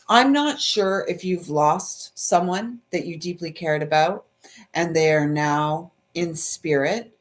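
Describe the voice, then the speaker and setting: A woman in her fifties from Canada, hosting a live card reading and talking in a gushing, meandering, emotional way. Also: lowish voice. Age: 50s. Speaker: intuitive card reader, livestream host.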